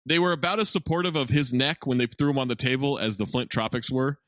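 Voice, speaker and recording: A man's voice: mid-range voice, fast talker, no room sound, clean studio sound. A man co-hosting a comedy podcast, casually recapping a movie's plot with jokes. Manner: lively, jokey, narrates the plot.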